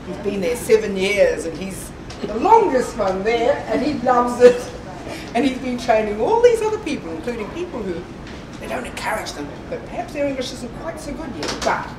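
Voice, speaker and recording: A woman telling a personal story at a library gathering, her voice rising and falling a lot as she laughs at herself and leans on her ums. She sounds far from the mic, in an echoey room with steady background noise. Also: mid-range voice. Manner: chatty and self-deprecating, laughs often, many ums. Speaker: storyteller at a library morning tea. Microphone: distant room recording.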